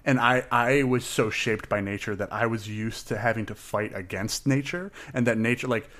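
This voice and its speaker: A man's voice: on the low side, fairly even intonation, fairly bright tone. A man co-hosting a podcast, chatting casually and rambling with lots of jokes and laughs. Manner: rambling, jokey, quick to laugh. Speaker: podcast co-host. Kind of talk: casual chat about a tabletop character.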